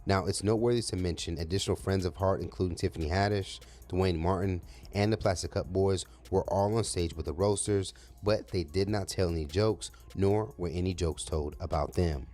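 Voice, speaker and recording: A man narrating a scripted entertainment news segment in an even read. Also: low-pitched, moderate pace, few pauses.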